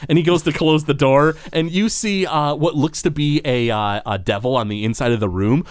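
A man's voice: a little high, normal speed, hardly any pauses, dry recording. A man narrating as the game master of a tabletop game, describing scenes loosely and full of fillers.

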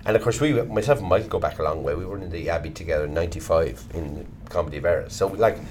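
A middle-aged Irish actor being interviewed, talking bluntly and swearing casually as he tells animated stories. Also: low voice, rapid-fire, slight background noise. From Ireland. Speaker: actor, guest. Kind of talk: candid conversational interview.

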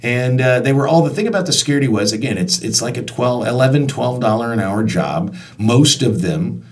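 Conversational male storyteller, average pitch, acts out the dialogue, mic set back from him. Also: expressive, brisk. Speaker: storyteller recalling work as concert venue staff. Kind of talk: told personal anecdote. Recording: voice picked up from a distance.

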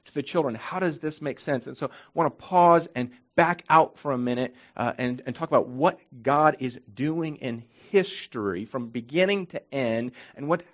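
A man's voice: mid-range voice, moderate pace, hardly any pauses. Earnest preaching man, dull recording. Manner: earnest, emphatic preaching with frequent restarts. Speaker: pastor. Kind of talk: sermon.

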